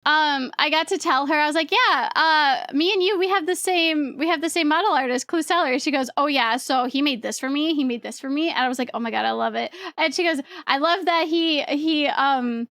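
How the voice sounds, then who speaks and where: A young woman streamer telling a story to her chat in a rambling, excitable way, swearing casually and laughing often. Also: high voice, brisk, few pauses, dry recording, studio quality.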